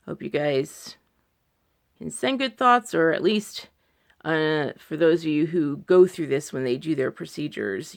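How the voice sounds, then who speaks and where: A woman's voice: deep voice, vocal fry. A woman talking to her followers in a personal video diary, anxious and close to tears, rambling with many fillers. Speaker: vlogger. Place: indoors at home.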